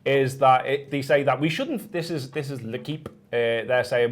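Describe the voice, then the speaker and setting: A man's voice: mid-range voice, moderate pace, few pauses. A middle-aged man hosts a football chat. He talks in a teasing, playful way and keeps the mood light with jokes. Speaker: podcast host.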